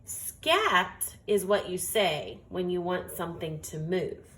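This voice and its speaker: Slow, deliberate woman teaching phonics. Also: on the low side, very animated, fairly bright tone. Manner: slow, deliberate, sounds out words. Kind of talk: phonics lesson.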